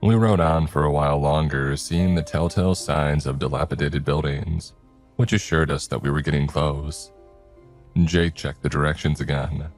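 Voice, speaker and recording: Man narrating a creepy story, super deep voice, faint music in the back. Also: normal speed. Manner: steady first-person storytelling. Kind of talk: scripted horror story narration.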